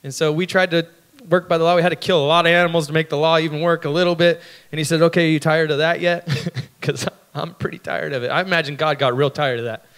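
A man with a notably high voice delivers a sermon in an easy, conversational way. He tells stories and briefly acts out different characters, and he stops now and then to put questions to the crowd. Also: fairly even intonation, fast, a bit bright. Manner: storytelling with acted-out voices and laughs; conversational, asks the audience questions. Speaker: pastor.

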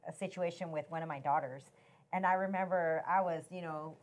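A woman sharing a faith-based marriage story in conversation, animated and acting out the quoted voices. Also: sits low, brisk.

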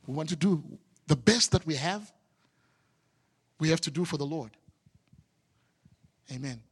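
A male pastor from Zimbabwe preaching with a somewhat high voice that carries a long reverb, as if through a church hall. He swings from loud, excited exclamations to quiet, pointed asides. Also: a little slow, slightly rough. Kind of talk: sermon.

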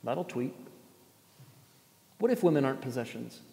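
A man's voice: mid-range voice, big pitch swings, normal speed, vocal fry, mellow. A man preaching a sermon as pastor, earnest, with pointed rhetorical questions and a touch of dry sarcasm. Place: church gathering space. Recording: echoey hall, long reverb.

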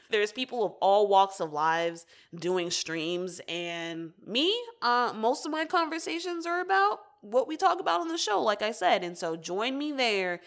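A woman's voice: medium pitch, lively intonation, measured pace, hardly any pauses. A young woman hosting her own podcast, talking candidly and casually, with frequent swearing. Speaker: podcast host. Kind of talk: casual solo podcast talk.

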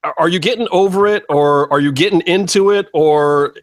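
A man's voice: fairly high pitch, normal speed, no room sound. A man hosting a casual interview, asking rambling, blunt questions with some swearing. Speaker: podcast host. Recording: dry close sound.

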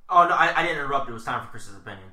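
A man's voice: medium pitch, animated, rapid-fire, bright, forceful tone, roomy sound. A man co-hosting a podcast in casual chat, teasing in a dry way. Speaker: podcast co-host.

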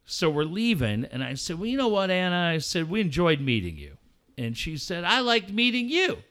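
A man's voice: sits high, normal speed. A middle-aged man co-hosting a radio show, telling a story in casual banter and acting out each line of dialogue. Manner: animated storyteller acting out dialogue, swears freely. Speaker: radio co-host.

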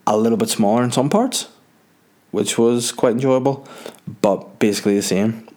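A man's voice: on the low side, darkish tone. A young man with a Northern Irish accent hosting his podcast, rambling and joking at his own expense in casual chat. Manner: rambling, jokey, self-mocking. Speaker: podcast host.

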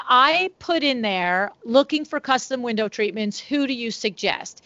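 A woman's voice: high-pitched, moderate pace, hardly any pauses, dry recording, muffled recording. A middle-aged woman, a window treatment business owner, telling stories as a podcast guest and acting out both sides of each conversation. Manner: animated storyteller who acts out both sides of conversations. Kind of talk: casual storytelling interview.

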